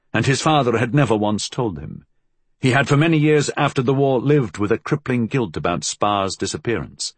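A man reading a novel aloud as an audiobook narrator, measured and expressive. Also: fairly low pitch, husky, dry recording.

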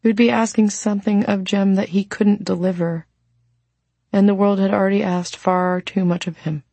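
A woman narrating a novel as an audiobook in a calm, reflective way. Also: medium pitch, moderate pace, no echo. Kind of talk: scripted narration.

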